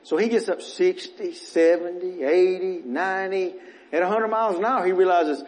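A man preaching a sermon in church as minister, earnest and rambling, his voice going a little rough. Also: high-pitched, normal speed, a little mellow, poor audio. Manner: earnest, rambling, repeats words as he restarts. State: voice getting rough.

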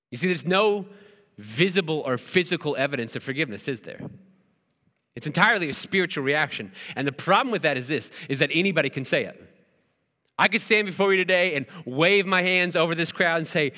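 A man's voice: fairly high pitch, expressive, fairly quick, pushed and bright, big-room sound. A man preaching a sermon in an earnest, conversational way, often repeating words and asking rhetorical questions. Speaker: pastor.

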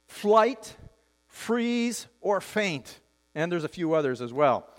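A man preaching a sermon as pastor, lively and joking, with wide swings in pitch. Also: a little slow, big-room sound.

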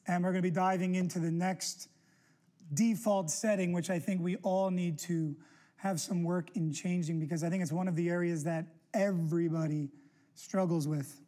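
A man's voice: sits high, mellow. A man in his forties giving a casual, storytelling sermon to a church congregation, full of asides and restarts. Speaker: guest preacher. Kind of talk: conversational sermon. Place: church sanctuary.

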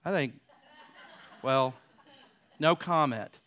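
A man preaching a sermon in a high, bright voice. He swings between loud, emphatic declarations and quieter, slower passages. His delivery is dynamic and pastoral.

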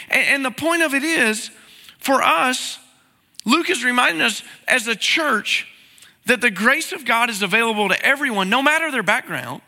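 A high-pitched man preaches a conversational sermon, peppering it with rhetorical questions. His tone is strikingly bright and sharp. The voice carries a long reverb from a large church sanctuary. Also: lively intonation, normal speed. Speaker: pastor.

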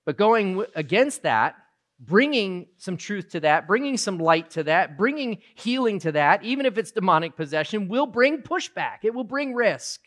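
Preacher swinging from hushed to loud. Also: big pitch swings, moderate pace. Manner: builds from low, quiet reflection to loud, emphatic storytelling. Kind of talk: sermon.

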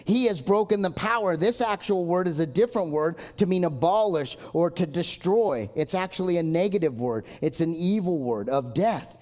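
Emphatic pastor, fairly high voice. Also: male voice, lively intonation, normal speed, hardly any pauses. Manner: earnest and emphatic, swinging from forceful to hushed. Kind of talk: live sermon. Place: church hall with a congregation. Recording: long hall reverb from a church.

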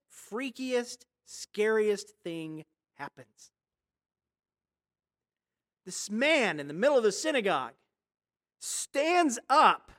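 Using a medium-pitched voice, a pastor delivers a story-driven, conversational sermon full of rhetorical questions. His loudness drops and rises abruptly, with big swings from hushed to loud.

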